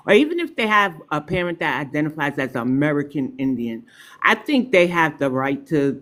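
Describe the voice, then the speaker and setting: A middle-aged woman, a podcast guest who talks emphatically and tells stories with big swings in pitch. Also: fairly bright tone. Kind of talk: podcast discussion.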